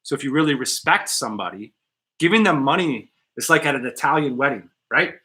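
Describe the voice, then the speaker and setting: A man's voice: medium pitch, expressive, a little fast, pushed and bright. A man hosting a casual podcast chat in a studio, blunt and joking, with some profanity. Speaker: podcast host.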